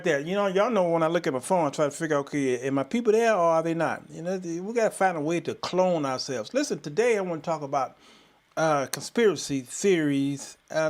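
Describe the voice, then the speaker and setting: Animated, high-voiced man hosting a live stream. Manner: folksy, animated, preacher-like, greets viewers by name. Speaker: talk show host. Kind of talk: live-stream call-in chat with viewers.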